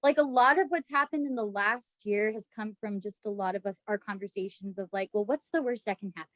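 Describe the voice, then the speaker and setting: A woman's voice: medium pitch, brisk, fairly bright tone, no echo. A woman co-hosting a podcast in casual chat, telling stories, laughing often and acting out what she said back then. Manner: chatty storyteller, laughs often, acts out her own past lines. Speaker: podcast co-host.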